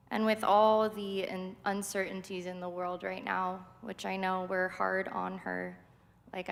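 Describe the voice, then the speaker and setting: A woman speaking as a friend at a memorial service, heartfelt and measured, with frequent pauses. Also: mid-range voice, gravelly, a bit bright. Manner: heartfelt, measured, pausing often. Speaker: friend giving a eulogy. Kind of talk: memorial tribute speech. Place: spiritual center sanctuary. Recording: echoey hall reverb.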